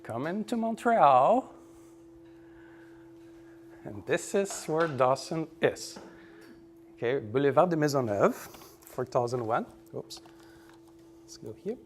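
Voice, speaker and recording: A man from Brazil, giving a relaxed, joking conference presentation. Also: on the high side, slow pace, long pauses, slight background noise. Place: conference room.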